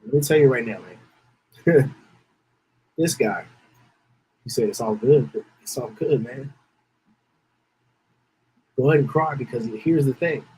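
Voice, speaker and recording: In a dark-toned, mid-range voice, a podcast host tells an emotional story a little slowly, leaving long pauses. He rambles casually, repeats phrases and holds back tears. The rough recording carries a little hiss or hum.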